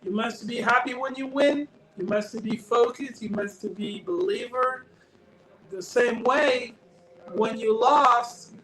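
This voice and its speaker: A man's voice: very high-pitched, bright, forceful tone, low-quality recording. A man speaking earnestly in broken English as a guest in a casual interview, talking into his phone. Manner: non-native English, earnest and emphatic. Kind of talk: casual interview over a call.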